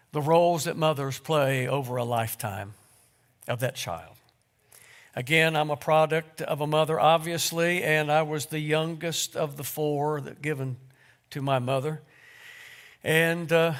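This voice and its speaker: Man preaching in a slightly high voice. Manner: warm, unhurried, with self-deprecating asides and small restarts. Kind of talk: sermon.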